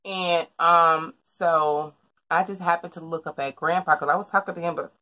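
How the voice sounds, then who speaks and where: Speaking from her bedroom at home, a young woman vlogger tells a personal story in a casual, rambling way, full of fillers and restarts. Her voice is fairly low and sharp, with a steady tone and normal speed.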